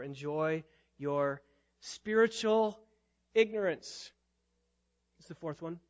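A man preaching a sermon as a pastor, emphatic, repeating phrases and building to loud climaxes. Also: on the high side, highs cut off.

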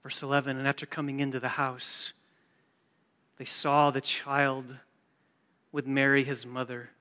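A man preaching a sermon, moving from hushed storytelling to loud, emphatic preaching. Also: mid-range voice, little pitch movement, measured pace, long pauses, clear, resonant tone, big-room sound. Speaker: pastor.

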